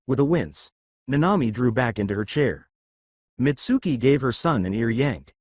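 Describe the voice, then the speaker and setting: Male narrator, fan fiction reading, animated pitch, dry recording. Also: moderate pace, no room sound.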